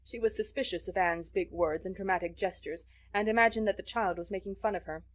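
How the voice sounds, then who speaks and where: Woman reading an old novel audiobook, steady, expressive, medium voice. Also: medium pitch. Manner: measured, expressive storytelling. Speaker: audiobook narrator. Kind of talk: scripted narration.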